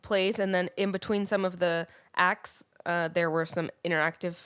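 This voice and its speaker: A woman co-hosts a podcast in relaxed, friendly conversation. Her voice sits on the low side and sounds close and dry, with no room echo. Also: moderate pace, clean tone. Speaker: podcast co-host. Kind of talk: casual chat.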